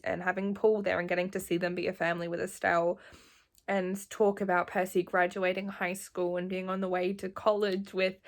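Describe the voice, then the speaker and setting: A woman of about nineteen chatting casually in a reading vlog at home, gushing and emotional, often laughing. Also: on the low side. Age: late teens. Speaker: vlogger.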